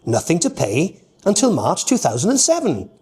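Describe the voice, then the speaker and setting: A man's voice: on the high side, wildly swooping pitch, moderate pace, mellow. A man voicing a naive, chirpy mascot with a Welsh accent and a sing-song, daft manner. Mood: upbeat.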